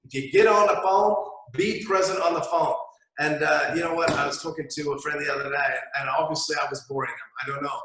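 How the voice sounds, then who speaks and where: A man giving an energetic motivational talk, emphatic and often checking in with "right?". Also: a little high, fairly quick, recorded from a distance. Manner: emphatic, repeats "right?" often, acts out imagined listeners. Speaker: motivational speaker. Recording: echoey room, speaker away from mic.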